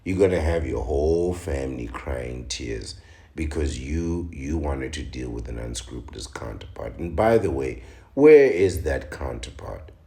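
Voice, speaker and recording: A man with an extremely deep, gravelly voice delivers slow, dramatic commentary, swinging his pitch widely between a low drawl and sudden loud outbursts. He mocks and moralizes as he reacts to a news story. The sound carries a noticeable room echo. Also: animated. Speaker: commentary channel host.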